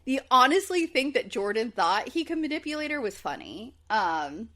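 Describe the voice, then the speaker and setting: A woman's voice: a little high, normal speed. A woman co-hosting a podcast, recapping a reality show in a casual, chatty way with lots of fillers. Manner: chatty, quotes people in lively voices, says like and um a lot. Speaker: podcast co-host.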